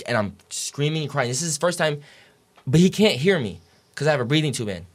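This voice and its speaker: A brisk young adult man with a fairly high voice and lively intonation shares his story as a podcast guest. He wanders casually from point to point, swears a lot, and keeps saying "like" and "dude."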